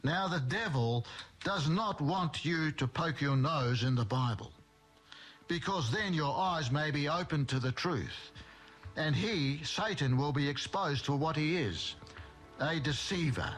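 Slow, emphatic male preacher. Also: on the high side, expressive, a bit bright, soft background music. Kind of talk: sermon retelling scripture.

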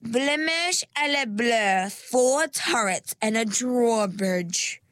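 A woman voicing a hurried, spiky female sea-creature waiter in a storybook, brisk and conspiratorial. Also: fairly high pitch, expressive, a bit bright, no echo, pitched above the performer's own voice. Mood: drawling.

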